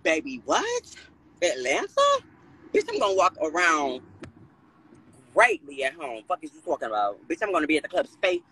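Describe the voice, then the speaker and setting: A young man in his twenties rants into his phone from a car at night. His voice sits a touch high and leaps into sharp squeals as he fires off sassy, profane comebacks. A faint hiss of noise runs underneath. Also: wildly swooping pitch, rough recording. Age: 20s. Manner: sassy, profane, rapid-fire ranting with sudden high squeals. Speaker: livestreamer. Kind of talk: casual livestream rant. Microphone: phone held at arm's length.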